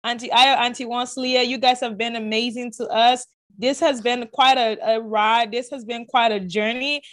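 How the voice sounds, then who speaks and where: A woman's voice: fairly high pitch, steady tone, moderate pace, a bit bright. A woman hosting a casual podcast, upbeat and chatty, repeating words and talking straight to her listeners. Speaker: podcast host.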